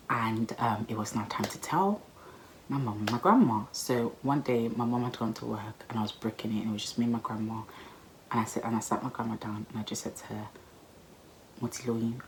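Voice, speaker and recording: A woman in her twenties telling a personal story in a chatty, expressive vlog style, full of slang. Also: very deep voice, fairly quick, slight background noise, low-quality recording. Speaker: vlogger.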